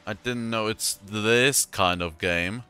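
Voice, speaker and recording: A man's voice: on the low side, slow pace, bright, forceful tone, clear, resonant tone, soft background music. A man giving casual commentary while playing a video game, joking, rambling and swearing at what happens on screen. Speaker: let's play gamer.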